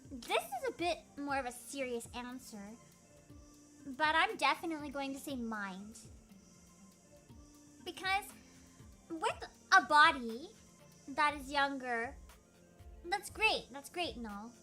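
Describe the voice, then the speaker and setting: A woman's voice: high-pitched, very animated, unhurried, pauses often, sharp tone, faint music behind. A young woman streamer chatting casually through a Q&A, giggly and self-deprecating, with lots of fillers. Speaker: vtuber streamer. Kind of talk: casual Q&A chat.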